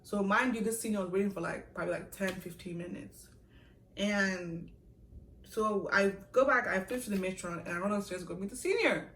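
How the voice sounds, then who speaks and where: A young woman vlogger tells a long story in a lively, chatty way, laughing and adding asides. Her voice is bright, and the room around her is echoey with faint ambient noise. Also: medium pitch, fairly quick. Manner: animated, laughing, full of asides. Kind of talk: casual storytelling. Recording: echoey room, a little far from the mic.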